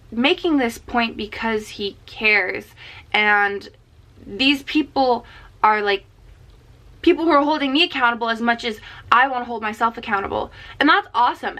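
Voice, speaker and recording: A chatty young woman talks straight to her viewers in a casual, earnest pep talk. Her voice sits a little on the high side, and she fills her sentences with "like" as she goes. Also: bright, forceful tone. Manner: chatty, frequent "like" fillers, earnest. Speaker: vlogger.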